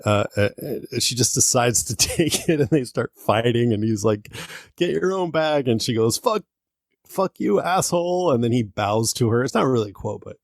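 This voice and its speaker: A man's voice: mid-range voice, a little fast, hardly any pauses, dry recording, clean studio sound. A man co-hosting a casual podcast about movies, recounting scenes and laughing often. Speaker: podcast co-host.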